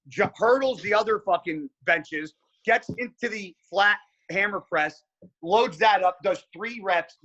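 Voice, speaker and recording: A man with a slightly high, husky voice tells a story as a podcast guest. He talks with a forceful, tense edge and swears constantly. His delivery is animated and casual. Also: highs cut off. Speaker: podcast guest, pro bodybuilder.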